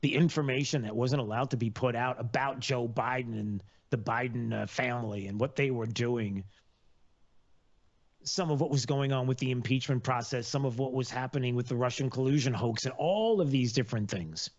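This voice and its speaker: A man hosts a political talk radio show in a rambling, sarcastic monologue. He keeps circling back, with many fillers and restarts. His voice sits in a middle pitch, and the broadcast audio sounds slightly dull. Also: moderate pace.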